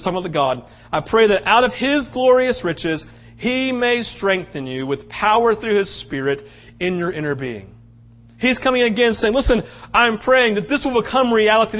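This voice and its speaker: A male pastor delivers an impassioned sermon in a high voice. He swings between loud outbursts and hushed, low passages. The recording is dull and lo-fi.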